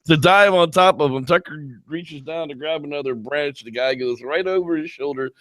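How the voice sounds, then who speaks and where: A man co-hosting a casual movie review show, excitedly retelling scenes and breaking into high shouts when quoting characters. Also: moderate pace, dry recording. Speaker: podcast co-host.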